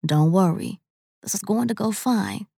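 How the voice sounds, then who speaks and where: A woman's voice: mid-range voice, unhurried, gravelly, warm tone, dry recording, clean studio sound. A woman voicing a brash, loyal young woman who jokes and pushes her friend along. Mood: reassuring. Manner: joking, pushy, reassuring.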